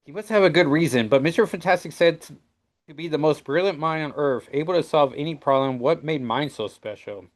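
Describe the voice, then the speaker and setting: A man's voice: on the high side, a little fast. A man who reviews comic books, recapping a story in a loose, casual way with lots of "like" and "um.". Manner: loose, filler-heavy recap with "like" and "um".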